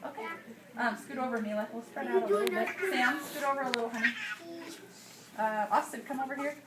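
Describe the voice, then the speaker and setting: A woman leads a kindergarten class in a song with a coaxing, encouraging manner. Her voice sits a little high. It is picked up in an echoey classroom with loud noise behind. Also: a little fast. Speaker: kindergarten teacher.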